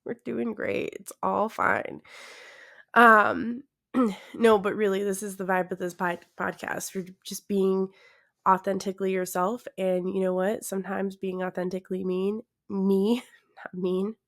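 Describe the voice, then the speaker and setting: Woman podcast host, young, unhurried delivery, sleepy and self-conscious, frequent laughs. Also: medium pitch, fairly even intonation, gravelly, a bit bright. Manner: awkward, self-deprecating, laughs often. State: tired, yawning. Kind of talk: casual solo podcast chat.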